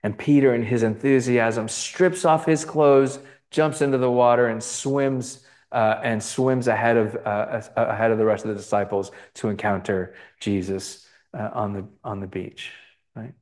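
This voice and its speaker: Male teacher, mid-pitched voice, talking through gospel art to a class, halting and chatty with frequent "right?" check-ins. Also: fairly even intonation, a little mellow. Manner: conversational, many fillers and restarts, checks in with "right?". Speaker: Bible teacher. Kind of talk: lecture on gospel icons.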